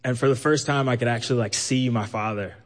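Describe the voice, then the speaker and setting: A man from Brooklyn telling a personal story live, lively and acting out the voices he quotes. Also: mid-range voice, fast talker. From New York, Brooklyn. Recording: long hall reverb.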